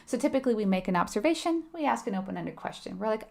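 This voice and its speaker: A woman's voice: a little high, animated, racing, vocal fry. A woman tutoring nursing students live, in a conversational way, asking her viewers questions and laughing lightly. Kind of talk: live online teaching.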